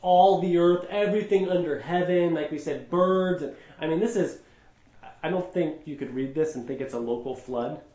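Bible study teacher: man, fairly high voice, emphatic, echoey room. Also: moderate pace, warm tone. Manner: emphatic, explains word by word, asks rhetorical questions. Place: indoor room with a group.

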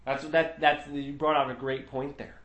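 A man's voice: medium pitch, little pitch movement, normal speed, a bit bright, slight background noise. A man teaching a Bible study group, earnest and emphatic, often restarting his sentences. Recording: roomy echo.

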